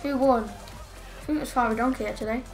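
A woman's voice: fairly high pitch, a little fast, soft background music. A woman streaming a game live, chatting with teammates and getting exasperated with one player. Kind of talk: live gameplay commentary.

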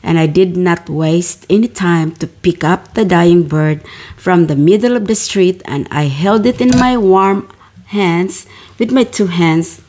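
A woman's voice: fairly low pitch, a little slow, warm tone. A woman telling a personal spiritual story in a fervent, repetitive way, calling her listeners beloveds. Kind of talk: personal testimony narration.

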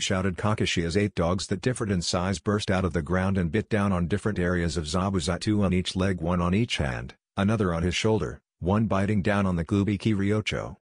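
A man reading a fan fiction story as scripted narration, in a steady, even way. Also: low voice, brisk, hardly any pauses, dry recording, studio quality.

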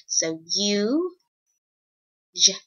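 A woman's voice: medium pitch, very animated, drawn-out words, slightly rough, lo-fi sound. A young woman teaching young children a phonics lesson, patiently stretching out each letter sound and encouraging them.

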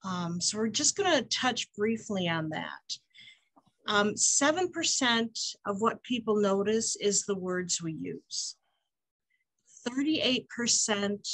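A woman's voice: medium pitch, a bit bright, no room sound, low-quality recording. A woman leading a conference workshop on support groups, talking earnestly and asking the group questions. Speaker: workshop facilitator.

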